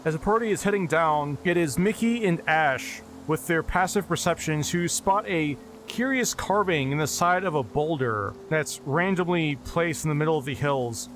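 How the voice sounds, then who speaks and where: A man narrating as game master of a tabletop game, with even descriptions and dry asides. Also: fairly high pitch, moderate pace, a little hiss or hum.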